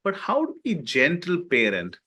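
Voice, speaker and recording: A man's voice: on the high side, wildly swooping pitch, moderate pace, pushed and bright. A man hosting a podcast interview, asking questions and often checking in with "right?". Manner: asks questions, adds frequent "right?". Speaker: podcast host.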